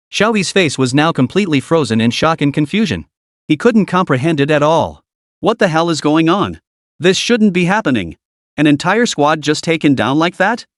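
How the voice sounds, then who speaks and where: A man narrating a web novel audiobook with lively, dramatic storytelling. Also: a little high, moderate pace, no room sound, clean studio sound.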